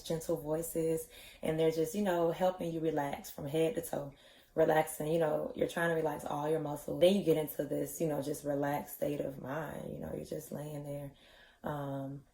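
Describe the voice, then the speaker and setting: Woman vlogger, casual and candid, low mellow voice, echoey room. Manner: chatty, candid, many "you know" fillers. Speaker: vlogger, yoga instructor trainee. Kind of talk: casual personal vlog.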